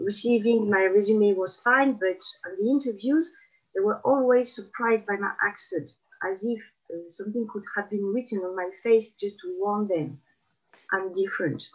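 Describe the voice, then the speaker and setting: A middle-aged woman from Provence whose Southern French accent comes through in every phrase. She answers interview questions in an unhurried, reflective way, pausing often as she recalls things. The recording sounds slightly muffled. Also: mid-range voice, breathy edge. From Provence, France. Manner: reflective, unhurried storytelling with frequent pauses. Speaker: guest. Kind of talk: casual video interview.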